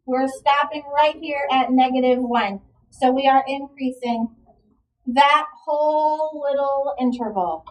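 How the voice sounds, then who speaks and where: A woman with a high, bright voice walks a class through a math lesson, asking questions and praising the answers. She sounds a little far from the mic, as in a classroom recording. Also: measured pace. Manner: encouraging, checks in with questions. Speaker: math teacher. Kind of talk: classroom lecture.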